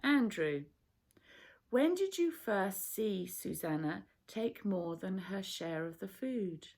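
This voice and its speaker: A woman voicing a calm, patient male teacher in a children's Bible story. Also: mid-range voice, takes it slowly. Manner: soft, patient explaining.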